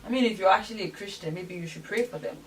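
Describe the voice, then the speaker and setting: A woman from Nigeria, a guest in an interview, telling stories with animated delivery and acting out what other people said. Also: mid-range voice, fast talker. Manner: animated storytelling, acts out other people's voices. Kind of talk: candid interview conversation. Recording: distant mic with crowd noise.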